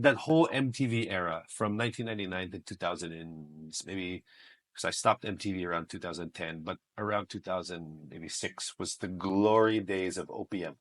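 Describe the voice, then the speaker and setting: A man raised in the United States, telling stories as a guest on a podcast, joking and animated. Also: low-pitched. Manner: animated, joking, mixes in Filipino phrases. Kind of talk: casual interview storytelling.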